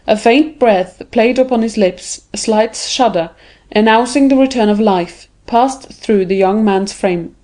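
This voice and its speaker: Audiobook narrator, woman, mellow and even, classic novel. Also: on the high side, measured pace. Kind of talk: scripted narration.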